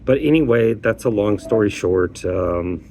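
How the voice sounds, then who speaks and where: A man with a very low voice tells his own story casually, with a rambling, halting delivery and frequent restarts. He sounds aggrieved, and there is faint noise behind him. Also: lively intonation, darkish tone. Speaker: petition worker.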